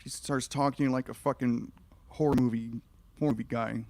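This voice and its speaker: A man's voice: medium pitch, steady tone, normal speed, darkish tone. A man streaming a reaction, ranting in an exasperated, sarcastic, profane way about what he watches.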